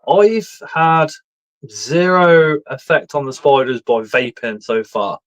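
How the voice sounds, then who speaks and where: A man's voice: a little high, lively intonation, takes it slowly, soft background music, rough recording. A man in his forties hosting a casual live stream chat, joking and rambling as he talks.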